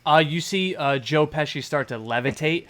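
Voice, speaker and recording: Smooth-voiced man narrating his turn. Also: on the high side, moderate pace, a bit bright. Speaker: tabletop game player. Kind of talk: narrating his character's actions.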